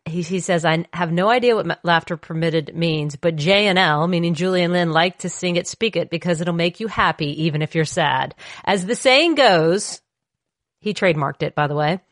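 A woman co-hosting a podcast chats casually in a bubbly, jokey manner, telling stories with lots of energy and animation. Her voice is fairly low-pitched at a moderate pace, with studio quality and no room sound.

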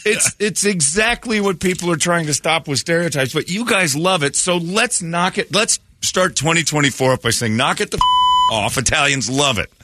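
A man's voice: fairly high pitch, animated, normal speed, bright, forceful tone, a little hiss or hum. A man hosting a morning radio show, bantering brashly and jokingly, often slipping into mock tough-guy voices.

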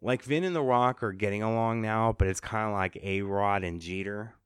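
A man's voice: fairly low pitch, normal speed, fairly bright tone, clear, resonant tone, dry recording, clean studio sound. A man hosting a podcast, chatting casually about entertainment news, with sarcastic asides. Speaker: podcast host. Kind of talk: casual pop-culture chat.

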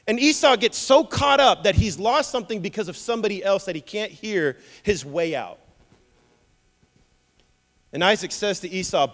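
A male pastor preaching a sermon, telling the story in an animated way with humorous asides. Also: sits high, moderate pace, pauses often, long reverb tail.

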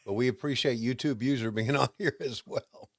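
A man co-hosting a podcast, making quiet, wry asides. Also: medium pitch, moderate pace, dry recording, studio quality. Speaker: podcast co-host. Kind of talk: casual chat.

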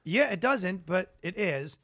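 A man's voice: sits high, slow pace, no room sound, clean studio sound. A man in his thirties co-hosting a podcast in casual, rambling, profane chat. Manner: rambling, profane, animated with loud impressions. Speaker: podcast co-host.

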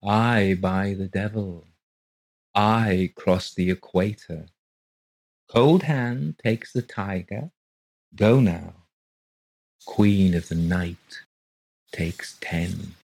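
A man reading aloud, voicing a sinister middle-aged male lodger in a slow, measured, ominous way. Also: mid-range voice, sing-song, darkish tone, breathy edge, dry recording, pitched above the performer's own voice, heavily acted, low-quality recording. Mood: incanting.

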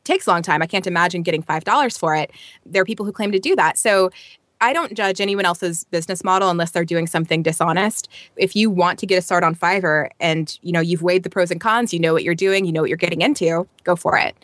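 A woman's voice: on the low side, quick pace, fairly bright tone, dry recording, clean studio sound. A woman voice actor who is a guest on a podcast, speaking in a thoughtful, practical way and often restarting her sentences. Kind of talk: casual podcast interview.

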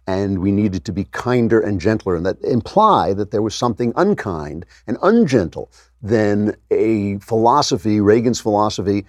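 A man's voice: on the low side, darkish tone, no echo. Dry-sounding sarcastic male commentator. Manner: sarcastic, mocking quotes in raised voice. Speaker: political commentary host. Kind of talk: opinionated political monologue.

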